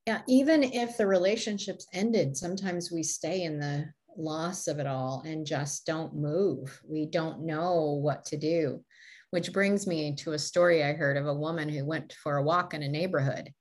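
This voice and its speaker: A woman's voice: sits low, normal speed, darkish tone. A woman co-hosting a motivational talk show, telling stories and laughing often. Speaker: podcast co-host.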